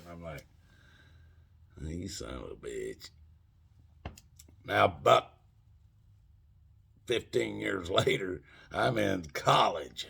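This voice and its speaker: A man's voice: on the low side, gravelly, a bit bright, breathy edge. A middle-aged man casually telling a rambling, profane story and calling his listeners folks. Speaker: channel host telling a story.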